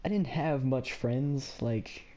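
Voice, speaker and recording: A man's voice: medium pitch, slow pace, dark tone. A young man casually telling a funny childhood story, rambling with lots of fillers and laughing often.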